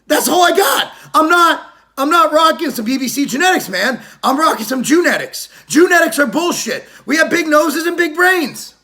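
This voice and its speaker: Loud swearing gym guy ranting at the camera, high bright voice that jumps all over. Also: big pitch swings, normal speed. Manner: brash, swearing, mocking. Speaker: fitness vlogger. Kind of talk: profane rant to camera.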